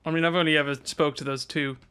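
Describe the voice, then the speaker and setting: A young English man with a fairly high speaking voice, co-hosting a casual podcast. He tells stories in a relaxed, chatty way and trades banter with laughter. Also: fast, clean tone. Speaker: podcast co-host. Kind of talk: casual chat.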